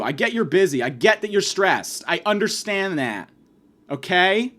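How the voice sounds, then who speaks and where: A man delivering a profane comedic rant, abrasive and insulting, swinging from yelling to muttering. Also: high-pitched, sing-song, a little slow. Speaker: comedic ranter.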